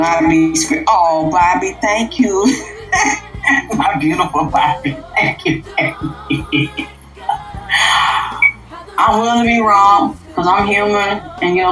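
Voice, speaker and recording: A woman hosting an unscripted livestream rant, profane and emphatic, dropping to low mutters and jumping up to loud outbursts. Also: roomy sound, low-quality recording. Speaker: livestream host.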